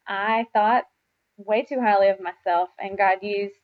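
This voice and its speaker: A woman, a podcast guest talking earnestly and reflectively about faith, quick to laugh. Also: medium pitch, steady tone. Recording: slightly dull lo-fi sound.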